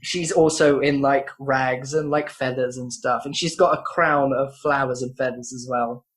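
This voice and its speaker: A woman's voice: a bass voice, fairly even intonation, moderate pace. A woman narrating as game master, rambling with fillers and giggles.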